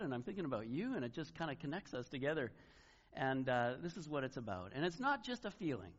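A man's voice: on the high side, fast, muffled recording. A middle-aged man preaching a sermon in a loose, conversational way, acting out little asides as he tells stories. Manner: conversational, animated retelling with acted asides. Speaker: pastor.

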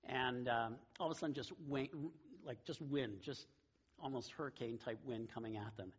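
A man preaching a sermon to his church, telling a story with lively voiced asides. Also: medium pitch, moderate pace, husky, highs cut off. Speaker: pastor. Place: church sanctuary.

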